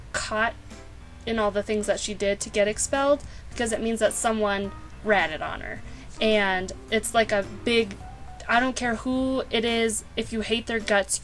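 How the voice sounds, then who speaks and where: Woman vlogger, unhurried pace, sarcastic playful asides, casual book recap, faint music behind. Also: medium pitch, poor audio.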